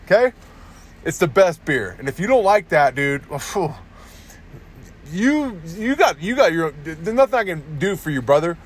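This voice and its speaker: This young comedy podcast host speaks in a fairly high, husky, very animated voice, yet takes his time, ranting crudely and saying "dude" constantly. He's outside in a town by some parked cars, talking into a phone held up to his face, and faint street noise bleeds into the recording.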